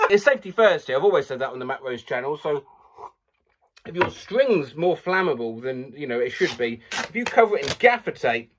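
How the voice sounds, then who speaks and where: A comedy YouTuber reading strange words and sounds aloud with animated, exaggerated delivery and yelps. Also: male voice, mid-range voice, moderate pace.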